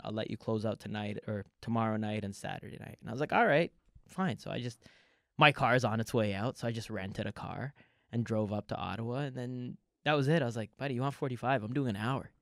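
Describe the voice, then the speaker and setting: A Canadian comedian, guesting on a podcast, tells casual stories in a medium-pitched, slightly bright voice at a fairly quick pace. He swears, laughs a lot and acts out both sides of conversations. The studio-quality recording has no room sound.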